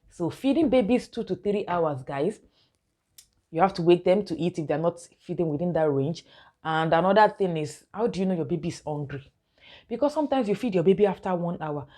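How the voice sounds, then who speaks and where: A young mother shares casual baby-care tips in an instructional vlog, chatting away, laughing often and repeatedly calling her viewers "guys." Her voice is mellow and fairly low-pitched.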